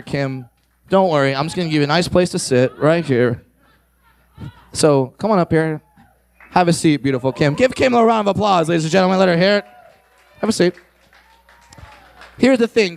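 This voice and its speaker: A man's voice: high voice, gravelly. A man doing a stand-up set, brash and crude, working the crowd and teasing audience members from the stage. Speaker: stand-up comedian. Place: on stage at a comedy club.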